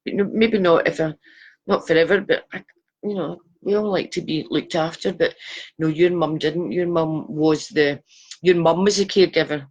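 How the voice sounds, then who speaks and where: A woman's voice: deep voice, moderate pace, darkish tone, husky, muffled recording. A woman giving live psychic readings, chatty and affectionate, calling viewers darling. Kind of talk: live-stream chat reading viewers' photos.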